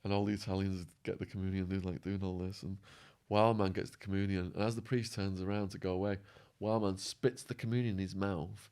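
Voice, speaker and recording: Male guest, low-ish voice, lively hoarse storytelling, acts out the quotes. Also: a little fast, few pauses. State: voice going hoarse. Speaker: podcast guest. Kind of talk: storytelling interview.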